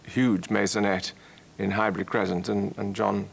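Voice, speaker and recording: An older man reminiscing about an old friend in an interview, halting and repeating words, chuckling between phrases. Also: lowish voice, flat delivery, vocal fry, husky. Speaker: actor recalling an old friend.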